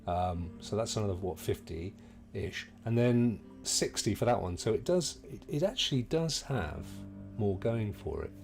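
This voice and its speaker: A man's voice: lowish voice, expressive, unhurried, creaky, darkish tone, soft background music. A middle-aged man, chatting jokily to viewers while playing a video game. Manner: chatty and jokey, talks to viewers. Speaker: game streamer. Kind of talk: casual let's-play commentary.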